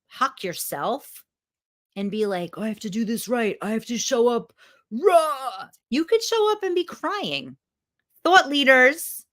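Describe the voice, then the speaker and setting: A woman's voice: medium pitch, a bit bright. A woman talking frankly to viewers in a live video, telling a personal story and swearing freely as a coach.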